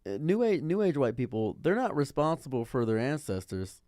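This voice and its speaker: A man in his thirties from Detroit rambles through a casual commentary monologue, circling back to repeat himself in a baffled, exasperated way. His voice sits at an ordinary middle pitch and is recorded close on a dry mic with no room sound. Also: big pitch swings, brisk, mellow, dry recording. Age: 30s. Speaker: streamer.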